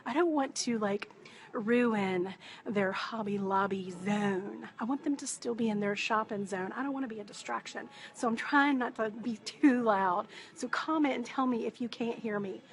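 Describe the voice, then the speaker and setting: A woman, live-streaming a shopping haul from a busy craft store and talking softly so she does not disturb other shoppers. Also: fairly high pitch, unhurried. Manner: hushed, chatty, greets viewers by name. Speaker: wreath maker and business coach.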